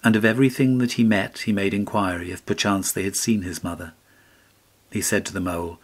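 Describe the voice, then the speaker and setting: Male fairy-tale narrator, low-pitched, measured and solemn delivery. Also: fairly even intonation. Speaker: audiobook narrator.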